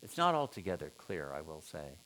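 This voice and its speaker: A man leading an informal seminar, musing aloud and putting questions to his students in a relaxed way. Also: very deep voice, brisk, slight background noise. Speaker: seminar teacher.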